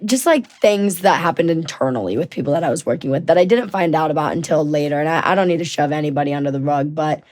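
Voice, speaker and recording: A woman's voice: low-pitched, fast talker, few pauses, darkish tone. A woman in her twenties, a podcast guest telling stories animatedly, often restarting and acting out what people said. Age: 20s. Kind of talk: casual storytelling interview.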